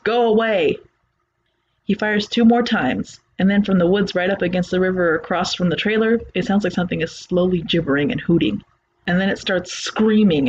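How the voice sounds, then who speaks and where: A storyteller reads a creepy first-person tale aloud, keeping a plain, conversational tone. The voice sits at a middle pitch. The home recording sounds slightly muffled, with a faint hiss underneath. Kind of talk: reading a horror story aloud.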